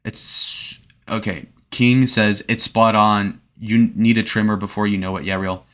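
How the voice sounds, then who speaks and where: Young male streamer, low bright voice, rambling, profane, restarts a lot. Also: level tone, unhurried. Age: 20s. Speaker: streamer reviewing his own speed date. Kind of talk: casual stream commentary reading chat. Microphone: desk webcam setup.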